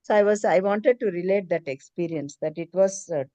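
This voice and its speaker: A woman's voice: on the low side, fairly quick, warm tone, no room sound. A middle-aged woman, earnestly telling a personal story on a video call in a hesitant, emotional way. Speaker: meeting participant, preschool teacher.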